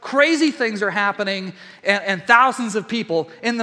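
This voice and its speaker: Animated preacher man in a reverberant hall. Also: high voice, moderate pace, hardly any pauses. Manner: lively, acts out voices of crowds and priests. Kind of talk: animated sermon storytelling.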